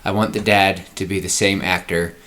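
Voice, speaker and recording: A man's voice: sits low, normal speed. A man co-hosting a podcast, casually brainstorming a story and acting out its scenes. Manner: animated, acts out scenes. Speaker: podcast co-host.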